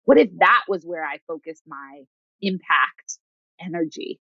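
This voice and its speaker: A woman hosting a podcast coaching session, speaking calmly and reflectively and often checking in with "right?". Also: on the low side, measured pace, no room sound, highs cut off. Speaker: host and coach.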